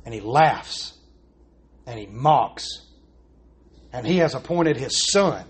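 A man's voice: medium pitch, expressive, slow pace. A man preaching a sermon as pastor, earnest and emphatic, stressing his points and asking rhetorical questions.

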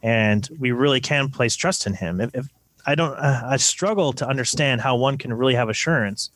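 A man's voice: medium pitch, moderate pace, fairly bright tone, no room sound. A man co-hosting a podcast, earnestly explaining scripture with math analogies in casual discussion. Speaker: podcast co-host.

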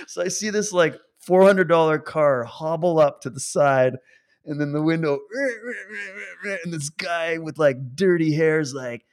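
A man's voice: fairly high pitch, expressive, measured pace. A man delivering an impassioned monologue to viewers, laughing often and switching between mocking and solemn tones. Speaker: protest supporter addressing viewers.

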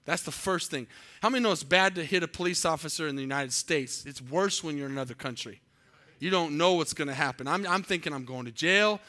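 A man preaching to a congregation in a bright, ringing voice that sits a little high. He tells his story with animation and keeps turning to the room with questions. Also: fairly quick. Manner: animated, quizzes the audience. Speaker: pastor. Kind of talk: sermon storytelling.

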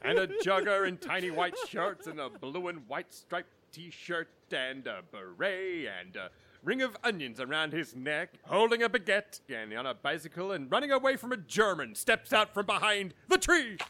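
Lively giggly male comic narrator. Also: high voice, moderate pace. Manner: breaks up laughing, mock-sarcastic asides. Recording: noisy background.

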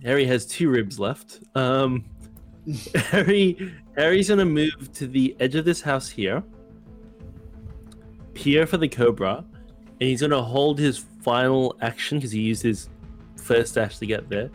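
A man's voice: medium pitch, expressive, measured pace, long pauses. A man playing a tabletop game, chatty and casual, with faint music behind. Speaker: player.

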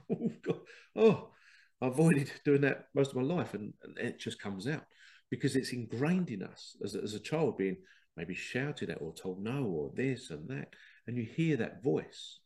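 A man's voice: medium pitch, animated, measured pace, darkish tone. A man hosting a spiritual self-help podcast, talking emphatically and slipping into voices of other people. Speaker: podcast host.

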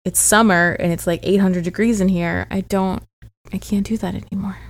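A woman hosting a podcast, chatting casually, relaxed and self-deprecating, quick to laugh. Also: medium pitch. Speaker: podcast host. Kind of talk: casual chat.

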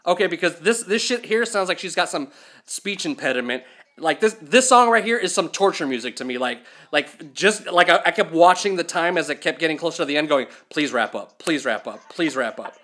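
Bright, blunt-talking man co-hosting. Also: fairly high pitch, expressive, brisk. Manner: blunt, profane, repeats words when starting sentences. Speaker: podcast co-host. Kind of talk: casual chat.

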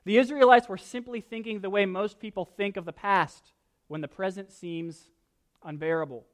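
Man, pastor, sermon, high-pitched, animated, loud scripture readings, joking asides. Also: normal speed.

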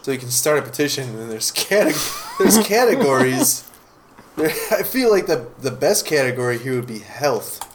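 A man's voice: mid-range voice, very animated, moderate pace, very noisy. A man co-hosting a casual podcast, wry and swearing casually. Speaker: podcast co-host.

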